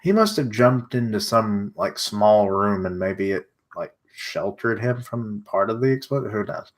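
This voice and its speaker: Brief: young male streamer, unhurried, crude jokes between panels, stuffy nose. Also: lowish voice, expressive. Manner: crude, joking asides. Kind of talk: live comic readthrough with reactions.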